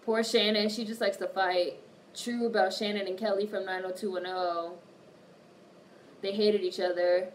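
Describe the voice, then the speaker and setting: The host of a casual livestream, a woman, reads viewer comments aloud and replies with plenty of swearing. She speaks at normal speed in a steady, medium-pitched voice, picked up by a distant mic with faint background noise.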